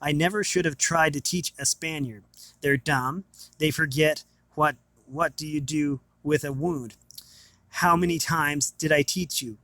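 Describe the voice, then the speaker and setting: A man reading aloud as a gruff fencing teacher scolding his pupil. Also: fairly high pitch, fairly even intonation, measured pace, sharp tone, dry recording.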